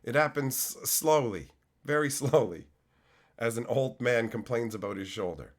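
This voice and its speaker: A middle-aged man live-streaming, who is sick and losing his voice, loudly and profanely mock-insulting his chat. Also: medium pitch, moderate pace. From Canada. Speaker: card-opening streamer.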